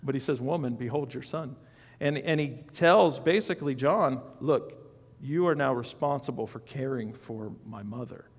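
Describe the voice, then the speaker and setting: A man's voice: medium pitch, moderate pace, slightly rough, in a large hall. A man preaching a sermon as pastor, in a conversational style with asides and questions to the congregation. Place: church sanctuary.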